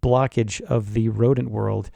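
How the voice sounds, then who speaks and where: A man co-hosting a casual podcast, an animated storyteller who laughs often and acts out what others said. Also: fairly low pitch, a little slow, gravelly, no echo. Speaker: co-host, deacon. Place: home studio in a basement closet.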